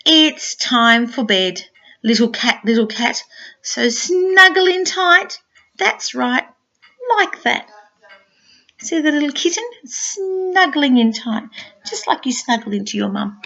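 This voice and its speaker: Older grandmother reading to a small child; gentle, sing-song, unhurried, higher voice. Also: lively intonation, creaky, muffled recording. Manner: gentle, sing-song storytelling with soft asides. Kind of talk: reading a picture book aloud to a small child.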